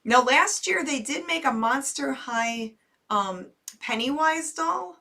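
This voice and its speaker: Bright chatty woman horror host. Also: high-pitched, expressive, slow, vocal fry, distant mic. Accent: American Midwest. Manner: chatty, giggly, bubbly. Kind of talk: casual chat reading comments.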